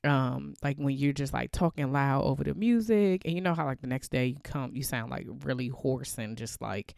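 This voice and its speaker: A woman in her thirties hosting a casual faith podcast, with a deep, bassy voice that sounds congested from allergies. She is chatty and laughs often. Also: animated, normal speed, vocal fry, darkish tone, dry recording, studio quality. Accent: American. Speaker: podcast host.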